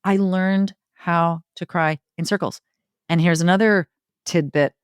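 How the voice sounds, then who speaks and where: Expressive middle-aged woman, low dry voice. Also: a little slow, clear, resonant tone, no echo. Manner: expressive storytelling, lists in long rhythmic runs. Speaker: podcast guest, circle facilitator. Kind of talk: conversational interview.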